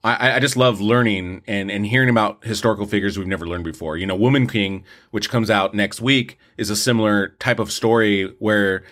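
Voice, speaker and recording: As a film-reviewing podcast co-host, a man chats casually about movies, opinionated and meandering, frequently restarting his sentences. He speaks a little fast with hardly any pauses, in a lowish, fairly bright voice.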